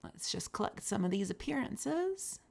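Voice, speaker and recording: A woman's voice: mid-range voice, sing-song, moderate pace, gravelly. A young woman streaming a game live, chatting casually with her viewers while she plays, sleepy and yawning. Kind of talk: casual gaming chat.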